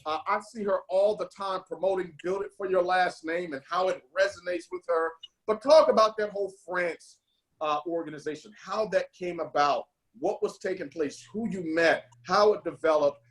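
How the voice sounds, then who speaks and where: A man's voice: high-pitched, moderate pace. Rambling man on a team call. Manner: rambling, with fillers and restarts; emotional, fervent. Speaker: team leader hosting a call. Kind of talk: motivational call talk.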